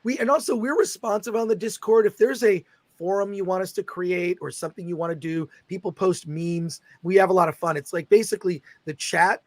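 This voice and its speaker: A middle-aged man hosting a casual livestream chat, excitably reading viewer comments aloud. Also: high voice, a little fast, few pauses, dry recording. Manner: excitable, reads viewer super chats aloud. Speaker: host.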